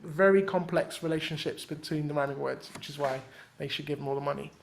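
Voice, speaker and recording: A man's voice: on the high side, fairly even intonation, quick pace, gravelly. A man leading a rap writing workshop in casual teaching talk. He is easygoing, fills gaps with "um" and slips into rhythmic rap examples as he explains. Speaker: workshop leader and rapper.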